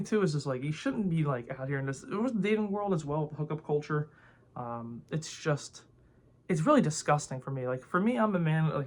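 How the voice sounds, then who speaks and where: A young man ranting to camera in a rambling, heated way, full of filler words and swearing. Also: fairly high pitch. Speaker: vlogger. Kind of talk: casual opinion rant to camera.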